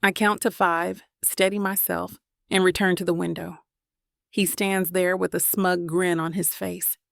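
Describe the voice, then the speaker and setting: A woman narrates a first-person romance audiobook with wry, sarcastic humor. Her voice has a gravelly, vocal-fry texture at a mid pitch, and the studio sound is dry and close. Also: level tone, unhurried, dry recording.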